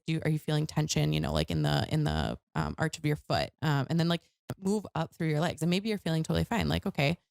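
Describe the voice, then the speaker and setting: A young woman talks in a low, gravelly voice, candid and loose, full of filler words. Her sound is dry and close, as if into a handheld mic. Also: darkish tone, dry recording. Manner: candid, swears, heavy "like" fillers. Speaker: guest author. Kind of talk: casual podcast chat. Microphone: handheld microphone.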